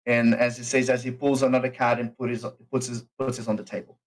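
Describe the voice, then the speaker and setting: Running a tabletop game as game master, this man narrates slowly and unhurriedly, leaning heavily on uh and um. His mid-range voice stays fairly flat in pitch, and the recording is poor.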